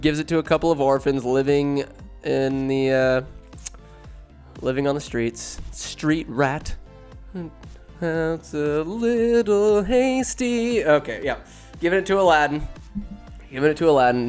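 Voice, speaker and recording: A man giving casual, animated commentary while ranking movies, swearing freely and a bit tipsy. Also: a little high, smooth. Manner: animated, swinging from musing to shouting; swears freely, talks to himself. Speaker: vlogger ranking films.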